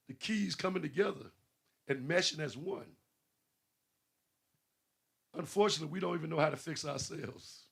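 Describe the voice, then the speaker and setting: A man's voice: fairly high pitch, gravelly. A man preaching a sermon, questioning his listeners and building emphasis. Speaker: pastor.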